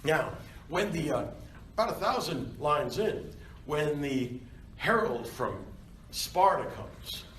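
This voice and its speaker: A male university lecturer giving a seminar lecture in an animated, conversational way, often checking in with his students. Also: a little high, slow pace, recorded from a distance. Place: seminar classroom. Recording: roomy classroom with faint background noise.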